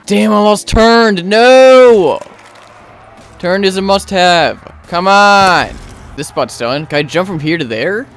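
A young man giving gameplay commentary as a gaming YouTuber, excitable and slangy, often yelling in panic. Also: sits high, slow, smooth.

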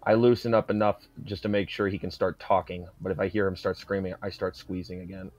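A man's voice: sits low, level tone, fairly quick, a little mellow, dry recording, lo-fi sound. Intense, swearing tabletop player man. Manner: intense, aggressive, swearing in character. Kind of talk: playing a tabletop game.

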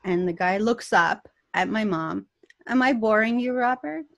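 Animated woman telling her story. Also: mid-range voice, unhurried, creaky, no echo. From Canada. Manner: animated storyteller, laughs often, acts out quotes. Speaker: podcast guest. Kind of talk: storytelling interview.

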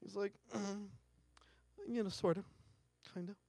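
A man's voice: sits high, steady tone, unhurried, gravelly, darkish tone, no room sound, clean studio sound. A middle-aged man giving a keynote talk, telling a family story dramatically and acting out quotes. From United States. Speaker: keynote speaker. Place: lecture hall.

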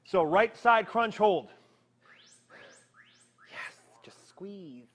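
A man leading a live workout, energetic and joking, counting down reps while he strains through the exercises himself. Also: high voice, very slow, slightly rough. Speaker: fitness trainer.

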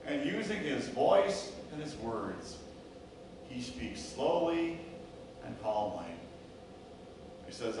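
A male pastor preaches a sermon at a slow, deliberate pace and strings words into rhythmic lists. His voice echoes heavily through the church sanctuary. The microphone sits some distance from him. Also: mid-range voice, very animated, background noise.

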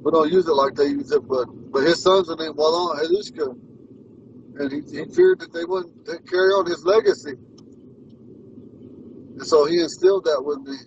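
A man's voice: a little high, expressive, normal speed, vocal fry, long pauses, a little hiss or hum. Man telling stories, far off mic. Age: 40s. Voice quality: rambling, repeats himself and restarts. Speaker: language teacher. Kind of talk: casual storytelling lesson. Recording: muffled sound from far off the mic.

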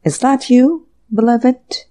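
Woman playing a soft, foreign-accented woman in danger. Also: sits high, slow, voice pushed up. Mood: urgent pleading. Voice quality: soft, caressing. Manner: breathless, urgent pleading.

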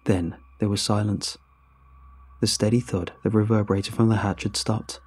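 A man narrating a horror story in a steady, grave storytelling voice. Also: on the low side, moderate pace, breathy edge.

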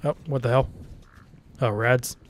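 A man's voice: mid-range voice, fairly even intonation, measured pace. Jumpy man talking through a game. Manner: nervous self-talk, frequent swearing, reacting aloud to the game. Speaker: let's play gamer. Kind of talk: casual live gameplay commentary.

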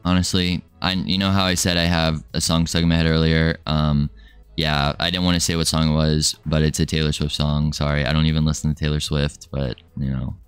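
Low, smooth-voiced gaming host. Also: male voice, little pitch movement, fairly quick, dry recording, soft background music. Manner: joking, rambling, talks to viewers. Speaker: let's play host. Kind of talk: casual gaming commentary.

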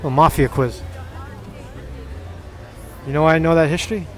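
Man, slightly high voice, casual vlogger, teasing banter, outdoors with faint crowd and music. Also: fairly even intonation, moderate pace. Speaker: street vlogger. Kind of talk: casual walking vlog chat. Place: outdoor street festival.

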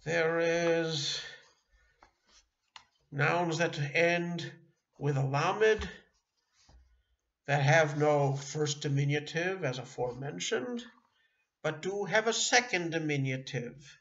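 A middle-aged man teaching a beginner language lesson online, halting often with fillers and restarting words. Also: fairly high pitch, a bit bright, lo-fi sound. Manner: halting, with frequent uh and self-corrections. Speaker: Yiddish teacher.

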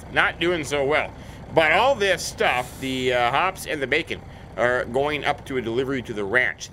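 A man's voice: mid-range voice, bright, forceful tone, slight background noise. Chatty American man narrating a farming game. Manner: chatty, joking, talks to imaginary companions. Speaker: let's play host. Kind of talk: casual game commentary with role-play banter. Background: faint game vehicle sounds.

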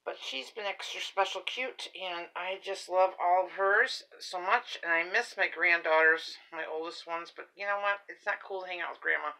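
A woman's voice: on the low side, a little fast, few pauses, sharp tone, poor audio. An older woman, a grandmother, chatting casually and rambling in a folksy way while showing a shopping haul; she says she is tired. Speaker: haul vlogger. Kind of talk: casual chat.

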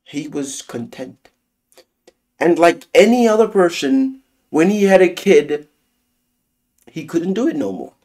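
A man's voice: on the high side, sing-song, measured pace, pauses often, darkish tone. A man giving a casual, theatrical spoiler review of a series, swearing freely as he talks.

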